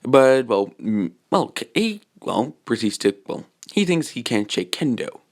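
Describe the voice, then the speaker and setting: Man, storyteller, improvised fan story, rambling, filler-heavy, mid pitch. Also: big pitch swings, unhurried. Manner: rambling, full of fillers and asides. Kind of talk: improvised fan-fiction narration.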